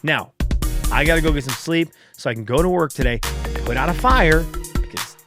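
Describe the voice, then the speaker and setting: A man's voice: a little high, normal speed, music in the background. A man hosting a solo podcast, chatting casually in a rambling, self-deprecating way, fired up late at night. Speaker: podcast host.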